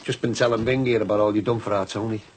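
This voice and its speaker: A man playing a worried working-class father running a shop, talking warmly and gratefully to his mates in a TV soap drama. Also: fairly low pitch, steady tone, fast talker, background noise, natural voice. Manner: warm, chatty and grateful. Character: grateful working-class dad of a sick son.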